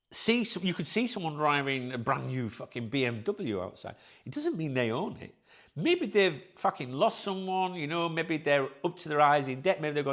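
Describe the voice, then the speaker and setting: Middle-aged male host, lively pitch swings, candid sweary rant to camera. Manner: blunt, sweary, rambling. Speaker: channel host.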